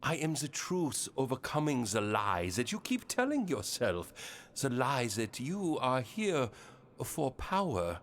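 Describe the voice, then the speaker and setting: Game role: a cryptic puppeteer spirit, German accent, slow and solemn, lively pitch. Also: male voice. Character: mysterious male puppeteer spirit, cryptic and commanding.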